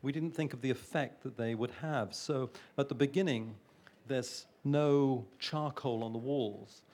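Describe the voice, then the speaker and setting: A male producer speaking at a panel, his voice sitting at an ordinary middle pitch. He talks thoughtfully and haltingly, often restarting his sentences. His tone is easy and conversational. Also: darkish tone. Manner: thoughtful, hesitant with frequent restarts. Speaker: film producer. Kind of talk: panel talk.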